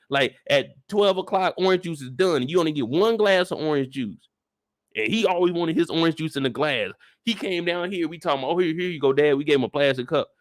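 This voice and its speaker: A man hosting a casual live after-show discussion, ranting comedically with heavy slang and swearing, and jumping into loud voices for the people he quotes. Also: on the high side. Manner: animated, comedic rant with lots of slang and swearing. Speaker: show reaction host.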